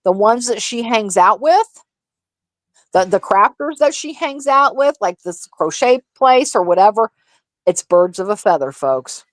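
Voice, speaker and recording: A woman co-hosting a casual livestream chat, telling gossip in an animated, profane, laughing way. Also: mid-range voice, a little slow, dry recording. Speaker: livestream co-host.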